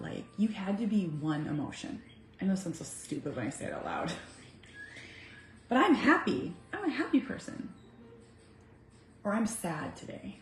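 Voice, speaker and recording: A woman in her thirties, a mother talking heartfelt and earnest to her viewers, swinging from soft to emphatic. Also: mid-range voice, slight background noise. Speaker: vlogger, mother. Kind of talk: heartfelt casual talk to camera. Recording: echoey room with faint music.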